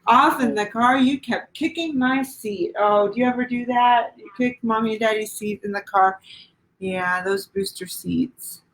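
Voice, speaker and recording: A middle-aged woman pastor reading a children's picture book aloud, gentle and sing-song, pausing to ask the little ones questions. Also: on the high side, poor audio.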